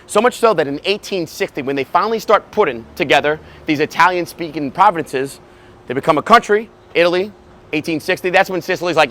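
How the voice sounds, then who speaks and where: A man giving a walking tour outdoors, animated, casual and profane. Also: a little high, fast talker, a little hiss or hum. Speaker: tour guide. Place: outdoors on a city street.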